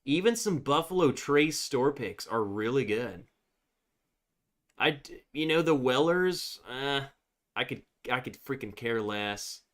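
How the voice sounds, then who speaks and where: A man's voice: mid-range voice, animated, measured pace, fairly bright tone. A man casually chatting on a live stream, rambling with lots of fillers and restarts. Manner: rambling, filler-heavy, baby talk to his dog.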